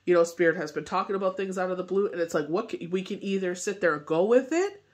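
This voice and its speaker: Man, high voice, tarot reader, casual forecast, rambling, lots of fillers. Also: expressive, fast talker. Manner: rambling, loose delivery full of "you know" fillers.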